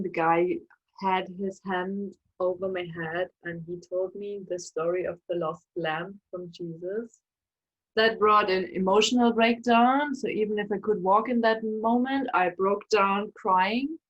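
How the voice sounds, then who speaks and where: A woman's voice: fairly low pitch, highs cut off. Emotional woman telling a personal story. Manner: emotional, animated, acts out quoted voices. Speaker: spiritual coach and storyteller.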